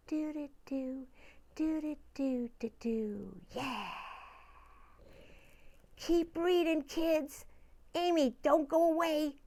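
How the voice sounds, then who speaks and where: A woman voicing a cheerful puppet cheerleader in a children's puppet show, doting and sing-song, cooing softly to a pet guinea pig. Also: extremely high pitch, heavily acted. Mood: coaxing. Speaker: teacher reading-promotion puppeteer.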